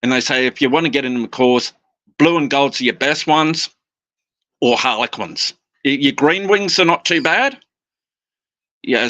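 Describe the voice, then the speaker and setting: A man's voice: medium pitch, fairly bright tone, no echo. A man chatting as a guest about his parrots, rambling with restarts and mimicking his birds' phrases, talking into a phone. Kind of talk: casual chat.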